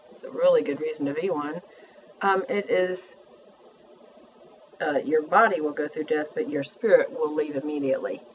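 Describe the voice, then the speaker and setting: A woman's voice: low-pitched, darkish tone, lo-fi sound, slight background noise. A woman, chatting through a makeup tutorial and talking to her viewers as she works. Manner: chatty, self-narrating, addresses viewers as y'all. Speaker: beauty vlogger.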